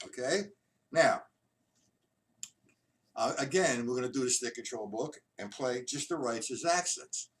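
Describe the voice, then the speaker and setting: A man's voice: medium pitch, unhurried, pauses often, heavy background noise. A man teaching a drum lesson on a live stream, counting beats aloud in a loose, chatty way. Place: drum room at a kit. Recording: far from the mic, loud music and drums behind. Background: loud drumming.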